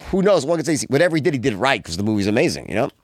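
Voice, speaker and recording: A man telling stories in a casual talk, swearing freely and jumping his voice up high when he acts out what others said. His delivery is lively and the sound is close and dry, with no room around it. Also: racing, dry recording. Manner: profane, animated storyteller who acts out quotes in a high voice. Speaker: podcast guest. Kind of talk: casual storytelling chat.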